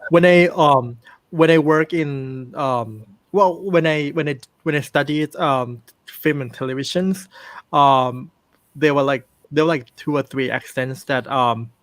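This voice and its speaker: A man from Thailand speaking English with a Thai accent, chatting casually with many pauses and restarts. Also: a little high, no room sound. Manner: hesitant, many ums and restarts. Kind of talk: casual chat.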